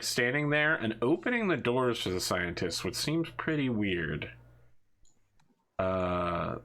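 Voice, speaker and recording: Lively bright-voiced man running a game. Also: fairly low pitch. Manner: casual, laughing, voices the characters. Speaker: game master. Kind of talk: narrating a tabletop game.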